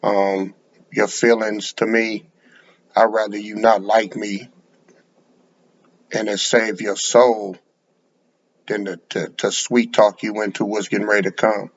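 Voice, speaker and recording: A man preaching in a low, slow, flat voice with a gravelly, husky grain. He lectures bluntly and stumbles over repeated words. The recording sounds dull and lo-fi. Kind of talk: sermon to camera.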